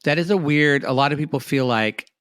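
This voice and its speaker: A man's voice: fairly high pitch, a little fast, a bit bright, dry recording, clean studio sound. A man co-hosting a podcast, giving blunt, profane opinions in casual chat about a reality show. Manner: blunt, opinionated, cursing freely. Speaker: podcast co-host.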